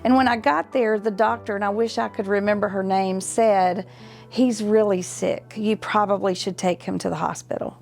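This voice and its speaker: A woman's voice: medium pitch, fairly even intonation, moderate pace, vocal fry, a little mellow. Earnest woman giving a heartfelt testimony. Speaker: client telling her story. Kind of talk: personal testimony. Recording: faint music underneath.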